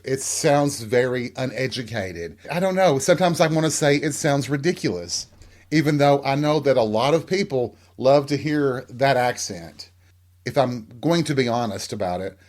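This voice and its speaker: A man from Tennessee hosting a candid solo podcast, frank and self-deprecating, with a rambling delivery. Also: mid-range voice. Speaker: podcast host.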